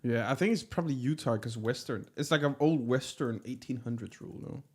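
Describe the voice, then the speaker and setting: A man's voice: mid-range voice, a little fast, slightly rough. A man co-hosting a podcast in casual chat, teasing his friend, laughing often and swearing. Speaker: podcast co-host.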